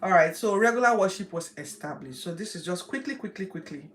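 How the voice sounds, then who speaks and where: A woman hosting a Bible reading, chatting lively with her viewers as she teaches. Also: on the low side, a little fast. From Nigeria. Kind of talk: casual livestream Bible teaching.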